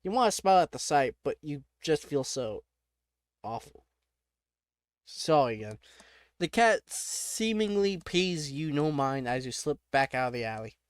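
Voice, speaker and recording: A young man reading a text adventure aloud, breaking off into quick, joking asides. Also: on the high side, sing-song, smooth, no echo, clean studio sound. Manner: reads narration then reacts in quick, joking asides. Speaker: gamer.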